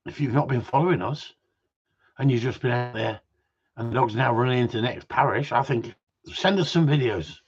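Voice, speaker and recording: A man's voice: medium pitch, brisk, husky. A man hosting a casual live stream about gundogs, bantering, swearing and reading out viewer messages. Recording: dull lo-fi sound.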